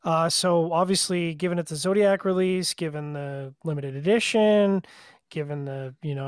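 A man's voice: on the high side, normal speed, clean tone, dry recording, studio quality. A man from Canada co-hosting a casual podcast, chatty and joking, with many fillers. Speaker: podcast co-host.

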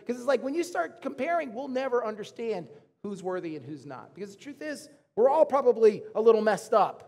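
A man's voice: extremely high pitch, very animated, fairly quick, darkish tone, long reverb tail. A man in his thirties preaching a casual, conversational sermon to his congregation, often acting out the voices of the people in his story. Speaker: pastor.

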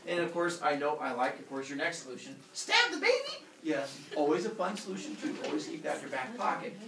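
A man teaching a class tells a myth as a comic story, speaking fast and animatedly while putting on silly, squeaky voices for the characters. The classroom is echoey and the background noisy, with students audible and the speaker far from the mic.

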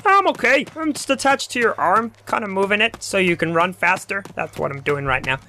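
A man voicing his own talking shoulder, a cheerful and helpful little figure, in a high, perky voice. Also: expressive, a little fast, bright, forceful tone, exaggerated voice.

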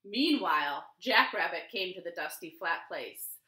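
A woman librarian giving an expressive storytime read-aloud from her living room. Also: on the low side, measured pace, reverberant. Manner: expressive, lively storybook reading. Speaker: children's librarian.

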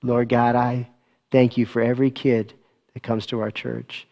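Gentle-voiced pastor speaking slowly. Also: male voice, medium pitch, little pitch movement, gravelly. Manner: gentle, slow and soothing with children. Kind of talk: church service announcements and children's talk. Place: church.

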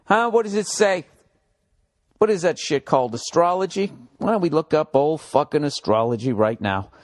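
A man's voice: on the high side, expressive, moderate pace. Foul-mouthed man rambling on a podcast. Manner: profane, rambling and sarcastic. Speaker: podcast host. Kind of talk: casual solo podcast monologue.

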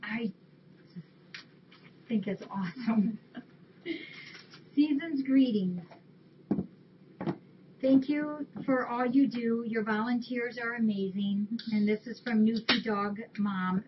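A woman's voice: fairly high pitch, steady tone, slow pace, pauses often, noisy background. A woman hosting a webcam stream, chatting casually as she reads holiday cards aloud and thanks the viewers who sent them. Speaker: shelter webcam host. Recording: dull lo-fi webcam audio.

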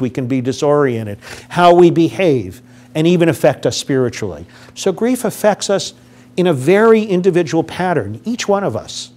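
A man's voice: a little high, a little mellow. An older man giving a public lecture on grief to a live audience, speaking conversationally, asking the audience questions and acting out what grieving people say.

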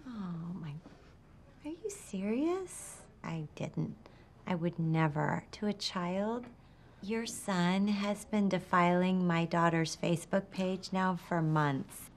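A woman's voice: lowish voice, takes it slowly, slight background noise. An actress playing a hot-tempered pregnant mother who rants, taunts, then apologizes in a flustered rush. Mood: defensive. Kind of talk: film comedy acting.

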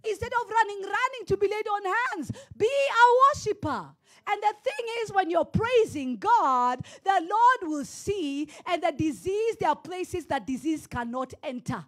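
Woman pastor, high voice, emphatic preaching with rising repetition, church sermon. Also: expressive, unhurried. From Kenya. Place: church service.

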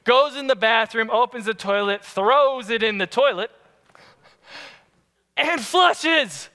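A man preaching a sermon as pastor, telling family stories in an animated, lively way. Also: very high-pitched, slow. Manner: animated, acts out family scenes. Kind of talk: storytelling sermon. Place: church sanctuary. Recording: long church-hall reverb.

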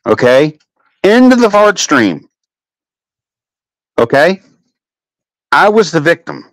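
Profane, animated man hosting a chat. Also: slow, no echo. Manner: crude, profane storytelling with lively swings in pitch. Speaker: livestream host. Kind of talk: casual chat.

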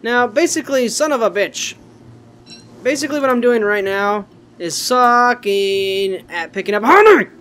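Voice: mid-range voice, expressive, measured pace, fairly bright tone, slight background noise. A gaming channel host giving casual let's-play commentary, goofy and rambling, swearing often.

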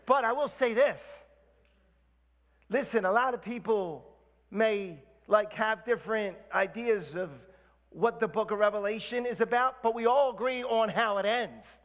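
A man preaching with fiery, rousing energy. His voice sits high for a man and rings through a church hall with a long reverb tail. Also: a little slow, a bit bright. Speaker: guest preacher. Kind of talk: sermon. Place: church sanctuary.

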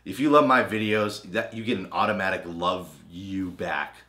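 A man's voice: low-pitched, moderate pace, sharp tone. A young man co-hosting a trailer reaction video, trading crude, teasing jokes in casual chat. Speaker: co-host of a trailer reaction channel.

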